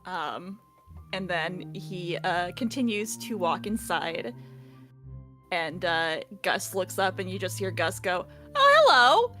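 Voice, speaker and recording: Bright-voiced woman running a tabletop game. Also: lowish voice, fairly even intonation, slow pace, faint music behind. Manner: casual, filler-heavy, giggly. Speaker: game master.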